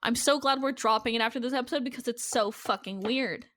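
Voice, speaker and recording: A woman's voice: on the high side, fast, fairly bright tone, no echo, studio quality. A woman co-hosting a podcast, recapping a TV episode in narrative runs and swearing casually. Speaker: podcast co-host.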